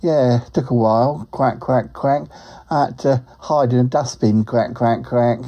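The recording is muffled as a man, speaking unhurriedly in a natural medium-pitched voice, plays a chatty duck on his travels. This roving-reporter duck is good-natured, rambles and giggles, and sticks quacks onto his sentences in a comic monologue.

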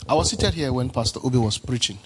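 Husky-voiced preaching man. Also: medium pitch, animated, quick pace. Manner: emphatic, repeats lines, swings from soft to near-shouting. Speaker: pastor. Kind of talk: sermon.

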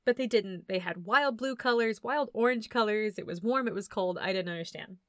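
A woman co-hosting a casual movie chat, animated and laughing, acting out scenes in quick voices. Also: mid-range voice, no echo, clean studio sound. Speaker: podcast co-host reviewing a movie.

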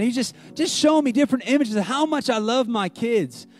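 A man, preaching a sermon, moving between loud, lively retelling and hushed, slow, tender lines. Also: very high-pitched, soft background music. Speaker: pastor.

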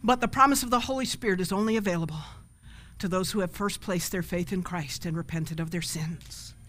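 Bright-voiced woman pastor preaching. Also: lowish voice, a little fast. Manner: emphatic, with call-and-response asides. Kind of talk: sermon and altar call.

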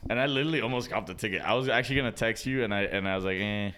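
A young man with a somewhat low voice co-hosts a casual podcast chat. He throws in joking, slangy asides and teasing questions. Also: very fast, pushed and bright. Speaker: podcast co-host.

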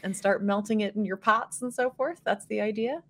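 A woman's voice: mid-range voice, normal speed. Woman running a tabletop game. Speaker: game master. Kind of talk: casual game narration.

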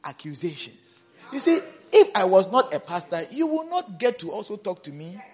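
A pastor preaches a sermon, swinging between shouted emphasis and soft, low asides while repeating words and putting questions to the congregation. His delivery is very animated at a normal speed, and his voice sounds slightly rough.

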